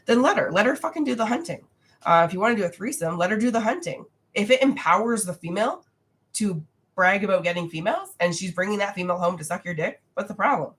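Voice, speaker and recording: Still nasal and congested from a recent cold, a young adult woman runs a casual home livestream Q&A, reading viewer comments aloud and answering frankly. Her mid-range voice is expressive and quick.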